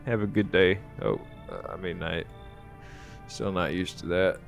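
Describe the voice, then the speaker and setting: A man's voice: deep voice, measured pace, vocal fry, soft background music. A man reading a rambling, overworked delivery guy. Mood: chatty. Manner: rambling, complaining. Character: chatty, overworked male delivery driver.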